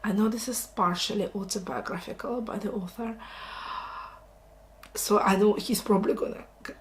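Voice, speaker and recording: A woman's voice: mid-range voice, steady tone, normal speed. A woman casually chatting about books she has just read, enthusiastic and exclaiming, on a camera mic at home. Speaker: book vlogger. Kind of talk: casual book review chat.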